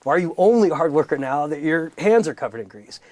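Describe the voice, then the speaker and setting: A man raised in Los Angeles, a comedian guest telling stories with animated, punchy comic emphasis in a candid interview. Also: fairly high pitch, fast talker, no room sound. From United States, raised in Los Angeles.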